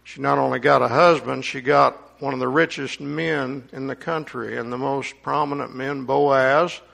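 A man's voice: medium pitch, steady tone, normal speed, creaky, a bit bright. A man preaching a sermon, reading scripture aloud and commenting on it with rising emphasis.

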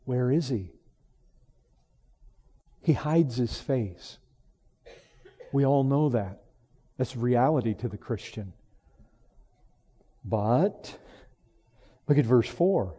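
A man preaching a sermon, moving from hushed, low passages to raised, emphatic lines. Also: lively intonation, extremely slow, long pauses, husky. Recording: long hall reverb.

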